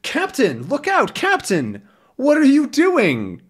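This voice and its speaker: A man reading out a brave young reporter from a comic in an excited, urgent voice. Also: very high voice, normal speed, pitched above the performer's own voice, exaggerated voice. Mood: alarmed.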